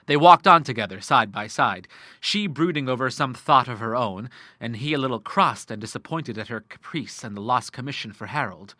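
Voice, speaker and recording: A male audiobook narrator reading a classic novel in a measured storytelling tone. His voice is bright, with lively pitch movement. The sound is close and dry. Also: dry recording. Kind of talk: scripted narration.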